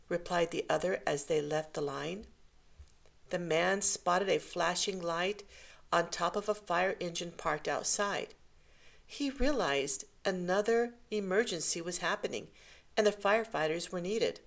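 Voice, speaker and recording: Low, gravelly woman narrating a story. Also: measured pace.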